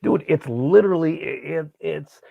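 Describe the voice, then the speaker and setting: A man hosting a casual podcast, rambling and jokey with a creaky voice. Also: a little high, moderate pace, dry recording, narrow, tinny audio. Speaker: podcast host.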